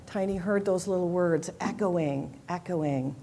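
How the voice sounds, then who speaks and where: A woman leading a worship service, telling a children's story gently, with soft repeated refrains. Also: on the low side, a little slow, slight background noise. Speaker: worship leader. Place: church sanctuary.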